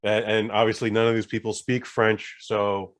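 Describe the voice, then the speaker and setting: A man's voice: lowish voice, little pitch movement, moderate pace. A man co-hosting a podcast, reviewing a movie in loose, profane casual chat and acting out scenes in voices. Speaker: podcast co-host.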